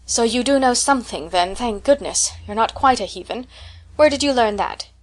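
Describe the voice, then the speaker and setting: A stern, stiff elderly spinster with a firm, scolding delivery, as a woman narrator plays her. The tone stays proper and clipped, with a clear storybook reading quality. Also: a little high, expressive, normal speed, voice pushed up, close to an everyday voice. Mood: shocked. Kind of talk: audiobook character reading.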